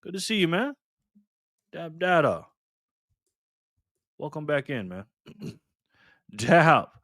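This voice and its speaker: Chill guy on a live stream reading chat out loud, laughs a lot, dry close mic. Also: fairly high pitch, big pitch swings, slow pace, dry recording.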